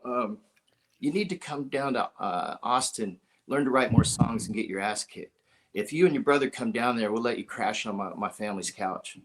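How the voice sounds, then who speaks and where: A man's voice: mid-range voice, normal speed. A middle-aged man from Ohio, a musician as an interview guest, telling stories animatedly, acting out the voices of the people he quotes and chuckling often. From Dayton, Ohio. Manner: animated storyteller who acts out quoted voices, with frequent chuckles. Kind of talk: storytelling in a conversational interview.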